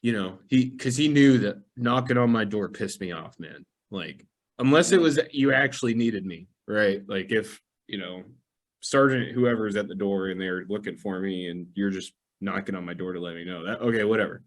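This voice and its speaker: Animated young man telling stories. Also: fairly low pitch, moderate pace. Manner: animated storyteller, acts out quotes, laughs often. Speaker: podcast host. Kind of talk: casual chat.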